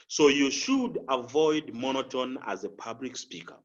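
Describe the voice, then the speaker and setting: A man coaching public speakers, slow and deliberate, repeating key phrases and showing inflection with his voice. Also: medium pitch, muffled recording. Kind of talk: instructional talk with spoken examples.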